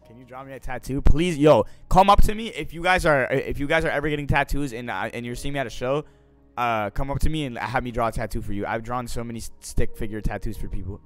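Young man, live streamer, casual chat, slangy and swearing, mid-pitched voice, faint music behind. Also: fast. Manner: slangy and profane, swinging between mumbled asides and loud excited bursts.

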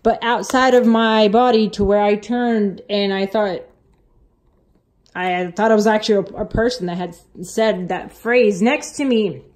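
A woman's voice: mid-range voice, fairly even intonation, measured pace, darkish tone. A woman vlogger sharing a personal testimony in a casual, rambling way, full of restarts, and earnest and emotional as she retells it.

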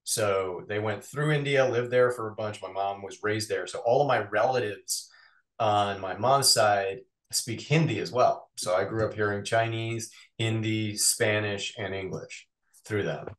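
A man, a voice actor being interviewed, chatting in a quick, animated, self-mocking way. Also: lowish voice. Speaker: voice actor guest. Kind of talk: casual interview chat. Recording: roomy echo.

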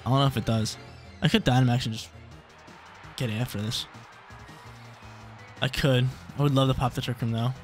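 A young man giving live commentary on his own competitive game match, thinking aloud, reacting excitedly and repeating his phrases. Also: medium pitch. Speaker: gaming YouTuber. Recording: faint background music.

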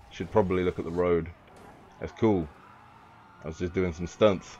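A gaming YouTuber gives casual let's-play commentary on a driving game, rambling, joking, and swearing freely. His low voice has a dark tone and fairly even intonation, moving at normal speed with frequent pauses. The recording is dull and lo-fi, with faint hiss.

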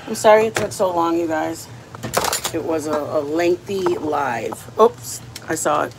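A woman's voice: low-pitched, unhurried, background noise. A woman hosting a casual cooking livestream at home, chatting to viewers and explaining each step as she eats. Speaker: cooking channel host.

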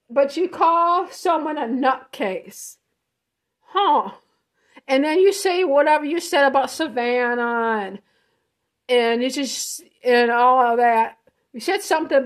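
Woman vlog host, high voice, slow and rambling delivery; blunt, swears freely, restarts her sentences often. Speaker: show host. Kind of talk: casual reaction vlog, reading a post aloud and commenting.

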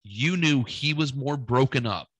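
A young adult man co-hosting a podcast, telling a long story in a rambling, profane way and acting out the dialogue with lively voices. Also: medium pitch, a little slow, slightly rough, dry recording. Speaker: podcast co-host.

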